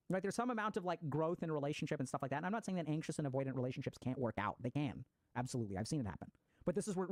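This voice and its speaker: Fast-talking man explaining psychology. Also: a little high, a little mellow, no room sound. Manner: quick, conversational, swears casually, uses gaming slang. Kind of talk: casual lecture to an online audience.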